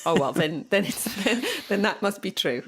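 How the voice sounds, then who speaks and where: A woman co-hosting a casual podcast chat, playful and quick to laugh. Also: mid-range voice, lively intonation, breathy edge. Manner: playful, laughs between remarks. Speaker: podcast co-host.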